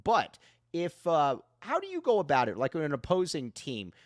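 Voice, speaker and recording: A man's voice: fairly high pitch, wildly swooping pitch, normal speed, dry recording, studio quality. A man hosting a casual sports podcast, playful and jokey as he reads out listener questions. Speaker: podcast host.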